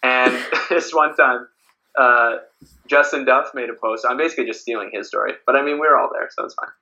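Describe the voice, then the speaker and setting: Talking fairly quickly in a pushed, bright mid-range voice, a Canadian beach volleyball player chats loosely as a podcast guest. He rambles, laughs a lot and leans on fillers. The recording has its highs cut off and carries a little hiss or hum.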